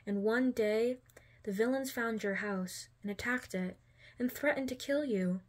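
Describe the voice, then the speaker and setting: A woman's voice: fairly high pitch, a little slow. Woman reading a second-person fan story. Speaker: fanfiction reader.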